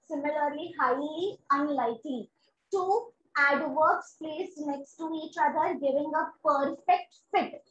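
A woman's voice: high voice, fairly bright tone, slight background noise. A woman with an Indian English accent, teaching an online exam-prep English class and praising students often. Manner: encouraging, repeats "very good" and "amazing". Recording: roomy, dull lo-fi sound.

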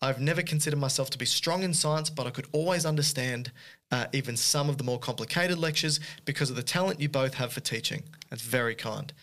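Man, podcast co-host, casual banter, reads emails aloud, teasing asides, mid pitch. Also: a little fast, a bit bright. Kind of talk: casual chat, reading listener emails aloud.

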